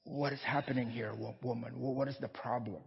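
A preacher voicing a kindly, frail old man who speaks gently and quietly. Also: mid-range voice, steady tone, fairly quick, gravelly, breathy edge, dull audio, voice pushed down, full character voice. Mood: gentle.

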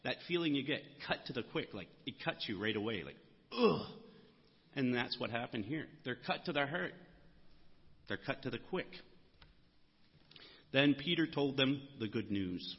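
A man preaches a sermon in a big, echoing church hall, and his voice comes across husky and a little muffled. His delivery is earnest, and he lifts his voice to stress the key words. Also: mid-range voice, expressive, normal speed. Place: church sanctuary. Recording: muffled sound with long hall reverb.

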